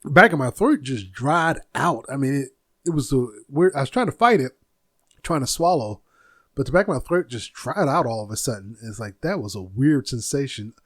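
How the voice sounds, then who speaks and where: A man's voice: mid-range voice, animated, fairly quick, dry recording, clean studio sound. A middle-aged man hosting a casual solo podcast from his home office, rambling and easily sidetracked, laughing at his own stories. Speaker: podcast host.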